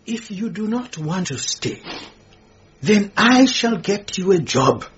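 A performer voicing a gentle, timid middle-aged man who speaks hesitantly and softly. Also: medium pitch, sing-song, slow, a crowd in the background. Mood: pleading. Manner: hesitant, pleading, soft-spoken. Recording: dull lo-fi radio recording.

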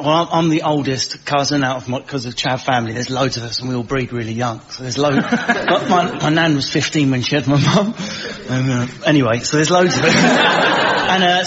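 A man's voice: fairly high pitch, a bit bright. A young man, a comedy panelist, telling a rambling, hesitant story. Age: young adult. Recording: dull radio recording.

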